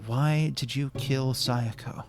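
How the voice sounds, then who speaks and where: Casting: streamer playing a middle-aged dad from a mystery game, shaken and angry, pressing hard with questions. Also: male voice, mid-range voice, fairly even intonation, slow pace, music in the background. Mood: demanding.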